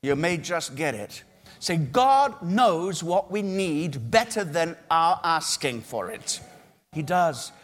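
A man preaching a sermon as pastor, lively and emphatic, acting out people's prayers. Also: fairly high pitch, takes it slowly. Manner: animated preaching, acting out prayers in mock voices.

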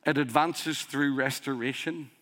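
A man's voice: mid-range voice, steady tone, measured pace, fairly bright tone. A man with a strong accent preaching a sermon, earnest and emphatic, pressing his listeners with rhetorical questions. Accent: strong accent he calls a dialect.

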